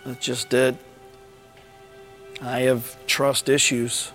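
A man playing an anxious, fussy male disciple who whines and frets out loud, in a comedic skit. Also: high voice, very animated, moderate pace, soft background music. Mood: subdued. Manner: whiny and nervous, fretting aloud.

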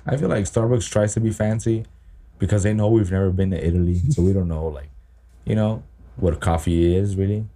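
A man's voice: low voice, brisk, warm tone. Crude, joking man. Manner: crude, joking, swears a lot. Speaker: podcast co-host. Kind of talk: casual chat.

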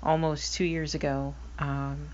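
Low-voiced woman musing hesitantly, dull recording. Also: level tone, measured pace, darkish tone. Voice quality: blind. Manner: thoughtful, hesitant with fillers. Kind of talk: casual monologue. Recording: slightly dull recording with faint noise.

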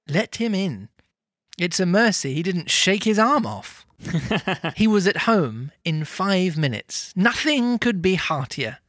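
A man reading a novel aloud with lively, amused storytelling. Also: sits high, takes it slowly, no room sound, clean studio sound. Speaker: reader.

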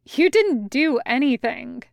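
A woman's voice: fairly high pitch, very animated, takes it slowly, no echo, studio quality. A woman reading a wry, teasing young woman. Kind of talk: fanfiction audiobook reading.

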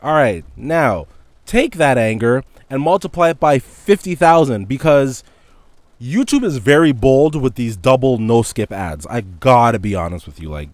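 A man's voice: medium pitch, expressive, moderate pace, no room sound. A young man hosting a casual solo podcast, ranting in an exasperated, profane way and laughing between points. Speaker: podcast host. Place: indoors with heavy rain outside.

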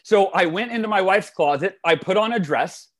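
A man in his forties speaks with a somewhat high voice, chatting as an interview guest. He tells stories in an animated, eager way, doubling words as he gathers his thoughts. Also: moderate pace. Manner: enthusiastic, animated, repeats words when starting phrases. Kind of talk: conversational storytelling.

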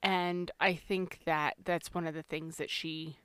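Female co-host, lower register, candid and self-mocking, dry studio sound. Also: level tone, unhurried, fairly bright tone, clean tone, no echo. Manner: frank, self-deprecating, laughs often. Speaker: podcast co-host. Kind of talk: casual parenting chat.

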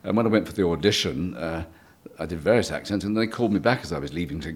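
An older man with a very deep, husky voice, chatting through his memories in an interview. He tells his stories easily and chuckles along the way. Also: animated, quick pace. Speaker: guest. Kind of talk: reminiscing interview.

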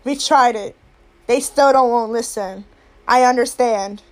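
A woman's voice: a little high, unhurried, a little mellow. A young woman speaking straight to camera, blunt and profane, heated and weary by turns. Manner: blunt, heated and profane, swinging between anger and weary sorrow. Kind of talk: impassioned monologue to camera.

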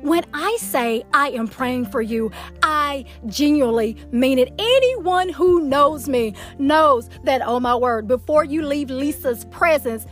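A woman's voice: high-pitched, expressive, measured pace, hardly any pauses, faint music behind. A woman from Georgia with a Southern accent, hosting an inspirational prayer podcast, emphatic and encouraging, with lots of "y'all" and "come on.". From Atlanta, Georgia. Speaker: podcast host.

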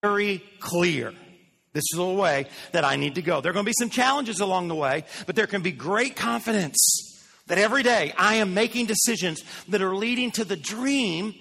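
A man's voice: high voice, expressive, a little fast, vocal fry, sharp tone, breathy edge, in a large hall. A man preaching a sermon to his congregation, emphatic, asking them questions and repeating his phrases. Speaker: pastor. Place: church sanctuary.

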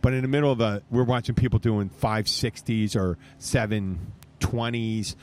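A man's voice: on the low side, fairly even intonation, normal speed, a little mellow. A man hosting a podcast from an outdoor bar stage, telling rambling, profane stories in casual chat. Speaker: podcast host.

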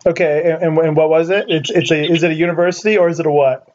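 A man from California hosts a casual podcast chat, his voice pitched high. He teases his guests, laughs often and trips over his own restarts. The recording sounds dull and lo-fi. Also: steady tone, quick pace, darkish tone, a little hiss or hum. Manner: chatty, teasing, laughs a lot, many restarts. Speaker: podcast host.

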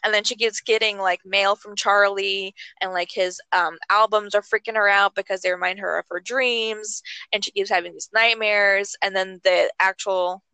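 A young woman chatting casually about a movie, animated and swearing freely, sometimes jumping into high squeaky voices to act out characters. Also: normal speed, few pauses, smooth, no room sound, poor audio. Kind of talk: casual chat.

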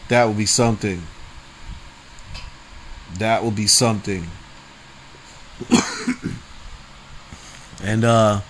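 Man, podcast host, casual rambling, slangy, laughs a lot, faint background noise. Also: mid-range voice. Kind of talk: casual solo podcast talk.

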